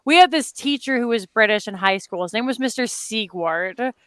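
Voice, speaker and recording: Bright, rambling woman chatting. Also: a little high, animated, moderate pace, no room sound. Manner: rambling, self-correcting storyteller. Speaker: co-host. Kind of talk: casual reaction chat.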